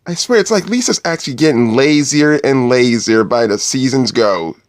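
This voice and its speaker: A man's voice: mid-range voice, expressive, moderate pace. Exasperated, foul-mouthed male cartoon reviewer. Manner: crude, exasperated, swears a lot. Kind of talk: profane commentary over clips.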